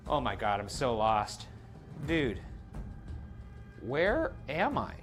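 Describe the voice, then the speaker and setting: A young man hosting a ghost-hunting show, exploring a dark old house alone and muttering nervous, sarcastic remarks. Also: mid-range voice, big pitch swings, slow. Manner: anxious, muttering, grumbling sarcastically. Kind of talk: nervous solo exploring commentary.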